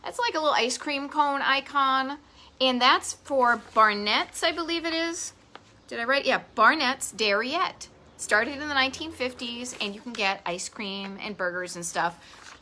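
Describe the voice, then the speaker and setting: A bright, fairly high-voiced woman with a Boston accent, talking casually into a desk webcam in a home office. She chats with bubbly enthusiasm and pokes fun at herself as she goes. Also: measured pace. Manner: chatty and enthusiastic, self-deprecating asides. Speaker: host of a live vintage travel show. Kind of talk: casual live-stream chat.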